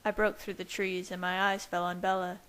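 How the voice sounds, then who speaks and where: A woman reading fanfiction aloud as first-person narration in a steady, even manner. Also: on the low side, moderate pace, clean tone, poor audio. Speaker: fanfiction reader. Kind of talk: audiobook-style narration.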